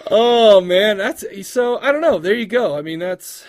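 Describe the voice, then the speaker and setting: A man's voice: high-pitched, lively intonation, slow pace. A man co-hosting a casual podcast chat, talking in rambling bursts with lots of restarts and laughs. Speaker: podcast co-host.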